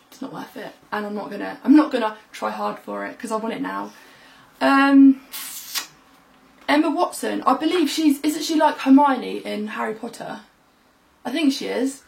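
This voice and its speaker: A woman's voice: medium pitch, vocal fry. A young woman, rambling chattily to her camera in a casual vlog, full of fillers. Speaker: vlogger. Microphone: camera mic.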